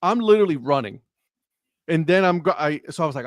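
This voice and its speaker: Co-host, male, lively storyteller, slightly high voice, dry mic. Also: brisk, clear, resonant tone, no room sound. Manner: animated storyteller, acts out dialogue. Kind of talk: casual sports chat. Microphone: live stream remote mic.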